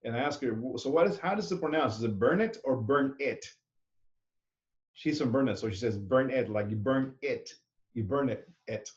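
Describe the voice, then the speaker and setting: A man's voice: mid-range voice, fairly quick, darkish tone, muffled recording. A man teaching a cooking class, who talks in a chatty way and keeps checking in with "okay?". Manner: chatty, tags sentences with "okay?". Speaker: culinary instructor. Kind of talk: classroom lecture.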